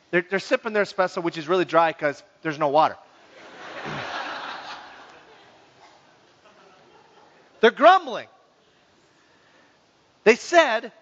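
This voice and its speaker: Lively pastor preaching in a hall. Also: male voice, high-pitched, slow, pauses often. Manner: lively, joking, acts out grumbling voices. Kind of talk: sermon. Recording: dull sound in a reverberant hall.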